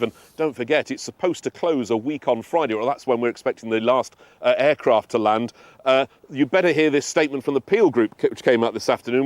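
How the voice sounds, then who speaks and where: A man's voice: mid-range voice, dry recording. A man reporting live for a regional news programme, telling the story in a chatty, wry way.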